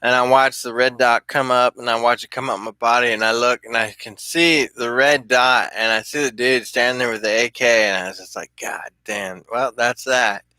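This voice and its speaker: A man's voice: mid-range voice, steady tone, a little fast, hardly any pauses, sharp tone, no room sound. A middle-aged man telling rambling, profane stories in a casual vlog and laughing often. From California. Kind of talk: casual storytelling.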